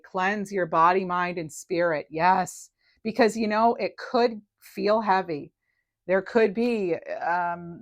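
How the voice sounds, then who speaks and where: A woman giving a casual tarot reading to her viewers, chatty and reassuring, often checking in with "right?" and letting phrases trail off softly. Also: lowish voice. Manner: chatty and reassuring, with frequent "right?" and "you know". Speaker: tarot reader.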